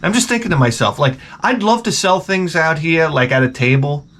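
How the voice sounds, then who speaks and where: A man's voice: a little high, animated, a little fast, a bit bright, slight background noise. Exasperated, swearing male storyteller. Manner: rambling, profane, comically exasperated. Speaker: vlogger. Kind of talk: casual storytelling monologue.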